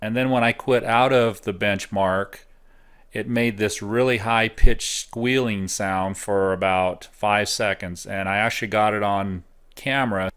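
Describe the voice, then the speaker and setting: A middle-aged man giving a relaxed, casual review of computer hardware at home, thinking out loud with frequent pauses. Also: fairly low pitch, clear, resonant tone. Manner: relaxed, thinking aloud with fillers. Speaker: tech reviewer.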